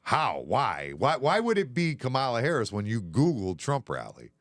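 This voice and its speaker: A man's voice: mid-range voice, wildly swooping pitch, moderate pace, fairly bright tone, dry recording, studio quality. A man hosting a casual bar-talk live stream, blunt and sarcastic, swearing freely. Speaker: podcast host.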